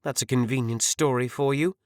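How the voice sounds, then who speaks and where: A man voicing a quick-witted young woman squire in an audiobook. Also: mid-range voice, steady tone, no room sound, studio quality, voice pushed up, natural voice. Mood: defiant.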